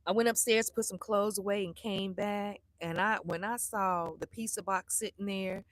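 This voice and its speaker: This mid-range female voice moves at a normal pace as a middle-aged vlogger recounts a story for her live chat. She's animated and blunt, swears liberally, and dramatizes the people she's quoting.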